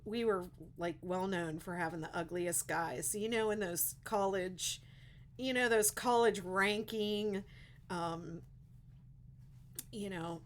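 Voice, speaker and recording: A middle-aged woman from Pittsburgh, USA, speaks with a local accent at a medium pitch while hosting a laid-back crochet livestream. She's chatty and rambles, laughing at her own jokes.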